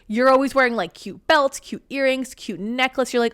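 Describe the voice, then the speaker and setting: A woman co-hosting a podcast, chatting casually and telling stories in an animated, profane way. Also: on the high side, normal speed. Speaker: podcast co-host. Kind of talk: casual chat.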